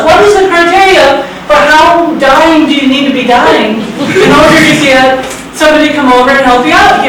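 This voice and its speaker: A woman's voice: high voice, a bit bright. A woman in her sixties telling a true story on stage with wry, sarcastic, self-mocking humor. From United States. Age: 60s. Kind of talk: live personal storytelling. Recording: very echoey hall, distant mic, background noise.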